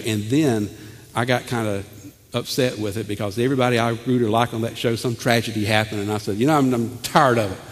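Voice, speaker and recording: Animated preacher in an echoing hall. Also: male voice, medium pitch. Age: 40s. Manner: animated, repeats words, swings from loud to hushed. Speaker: pastor. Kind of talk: sermon.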